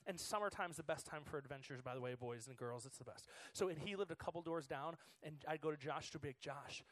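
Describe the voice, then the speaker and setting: A man in his thirties giving a chatty, excitable sermon to students as their youth pastor, full of fillers. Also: fairly high pitch, fast talker, dry recording. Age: 30s.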